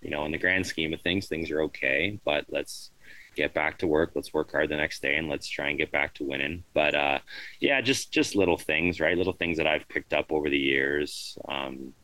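A man in his thirties, a veteran hockey player, answering interview questions in a relaxed, rambling way, often tagging on "right?". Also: very deep voice, moderate pace, dry recording, low-quality recording. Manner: laid-back, rambling, frequent "right?" and "you know". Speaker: professional hockey player, guest.

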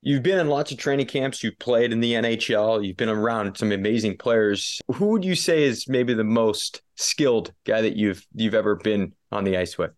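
A man's voice: on the low side, moderate pace, hardly any pauses. Male sports interviewer with winding questions. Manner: long, winding questions with fillers. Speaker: interviewer, host.

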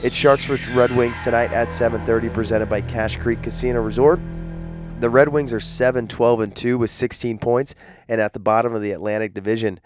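A man hosting a pregame show with energetic, playful hype, his voice nasal and congested from the flu. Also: medium pitch, brisk, faint music behind. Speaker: arena gameday show host. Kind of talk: upbeat promotional hosting.

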